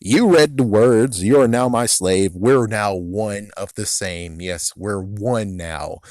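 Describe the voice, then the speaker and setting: A man's voice: lowish voice, takes it slowly, darkish tone, dry recording, studio quality. A man casually voicing an evil male ventriloquist dummy, threatening and bossy in a mocking tone. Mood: menacing.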